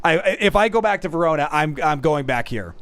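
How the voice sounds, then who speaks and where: A man streams and chats casually, animated and self-deprecating, calling his viewers "folks." His voice is on the high side and fairly quick, recorded dry.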